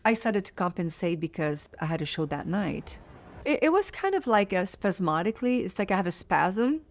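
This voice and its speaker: A woman's voice: medium pitch, sing-song, normal speed. A woman in her fifties, a native French speaker, answering in a sit-down interview as a singer, earnest and reflective, repeating phrases for emphasis. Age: 50s.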